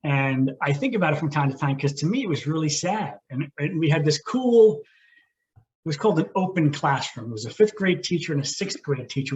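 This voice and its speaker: A man in his fifties, a podcast co-host, telling stories in casual chat in a reflective, thoughtful way. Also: on the high side. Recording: muffled lo-fi with faint hiss.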